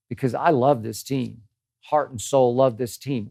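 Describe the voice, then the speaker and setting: A man's voice: mid-range voice, steady tone, a little slow, gravelly, dark tone, no room sound. Emphatic older man with dry sound. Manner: emphatic, repeats phrases for effect, exasperated. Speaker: host. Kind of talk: opinionated sports commentary monologue.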